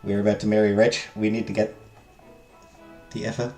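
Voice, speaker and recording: His voice sits lowish, level in tone and a little mellow, moving at normal speed as he reads a text game's narration aloud for his stream. Between lines he chats with viewers and cracks self-deprecating jokes. A roomy echo and faint game music color the recording.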